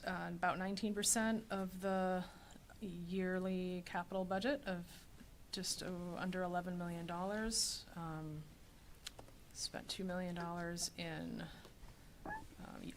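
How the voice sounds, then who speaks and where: A woman with a low, gravelly voice reports budget figures at a public board meeting. She speaks in a measured way, pausing often with small hesitations. Faint room noise sits behind her. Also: a bit bright. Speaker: finance staff presenting financials.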